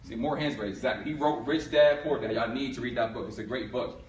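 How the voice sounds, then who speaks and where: A young man from Philadelphia giving a storytelling talk to a live audience, animated and acting out both sides of his story. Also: mid-range voice, brisk, a little hiss or hum. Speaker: speaker giving a talk on income. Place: room with an audience. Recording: echoey room.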